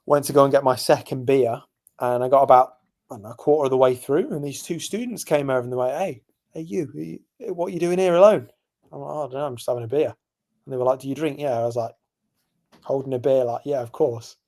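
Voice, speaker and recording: Talking fast in a darkish, mid-range voice, a young English podcast co-host wanders through an account of a night out. The chat is casual and loose, sitting in a middle register and littered with fillers and tangents.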